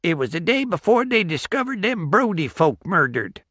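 A man's voice: sits high, very animated, normal speed, a bit bright, no room sound, studio quality, voice pushed up, heavily acted. A man voicing a laconic old rural backwoods man with clipped, folksy replies.

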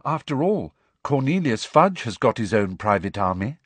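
A man voicing a dreamy, eccentric schoolgirl who speaks solemnly and slowly. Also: medium pitch, very animated, fairly bright tone, slightly rough, no echo.

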